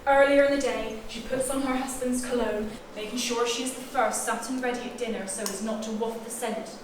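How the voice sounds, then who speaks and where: A woman's voice: a little high, steady tone, noisy background, lightly acted. A woman playing a confident young detective who lays out the crime on a live stage, heard from far off in an echoey theatre. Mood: explaining. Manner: theatrical, deliberate explaining. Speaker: amateur sleuth revealing the killer.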